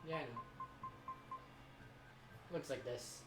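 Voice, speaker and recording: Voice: mid-range voice, takes it slowly. A speaker chatting casually while playing a video game, explaining game trivia and trailing off mid-thought. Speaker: let's play co-host. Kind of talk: casual gaming chat. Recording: roomy sound with game music.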